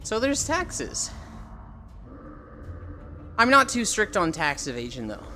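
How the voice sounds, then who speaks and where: Lively, teasing woman streamer over soft music. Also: medium pitch, slow pace. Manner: chatty and teasing, reading chat aloud; animated storytelling with laughter. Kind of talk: casual live-stream chat.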